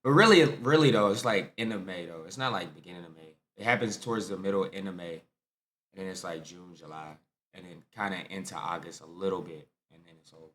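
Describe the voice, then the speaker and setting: A man's voice: sits low, a little fast, a little hiss or hum. A young American man hosting a reaction video, chatting casually and playfully to his viewers as he comments on clips. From United States. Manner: animated, playful, talks to viewers as y'all.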